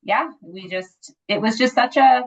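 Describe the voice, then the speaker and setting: This casual interview guest, a woman with a fairly high voice, speaks a little slowly as she relates a personal story peppered with "like" and "you know." Acting out what people said makes her animated; the audio is lo-fi and a touch dull.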